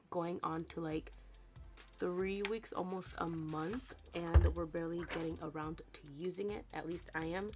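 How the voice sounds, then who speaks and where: Woman with a raspy morning voice. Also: low voice, a little mellow, a little hiss or hum. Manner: chatty, rambling, self-correcting. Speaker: beauty vlogger. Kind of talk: casual makeup tutorial.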